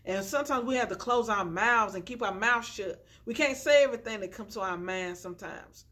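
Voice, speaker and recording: A woman's voice: mid-range voice, brisk, fairly bright tone. Chatty woman vlogger preaching y'all. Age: young adult. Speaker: inspirational vlogger. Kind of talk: casual encouraging talk to camera. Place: at home on the floor, indoors. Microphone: phone on a tripod with ring light.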